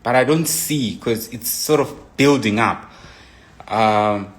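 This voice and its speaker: A man's voice: medium pitch, takes it slowly. A young man casually recounting a relationship story, rambling with restarts and frequent "you know" asides. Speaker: boyfriend telling his side of a relationship story.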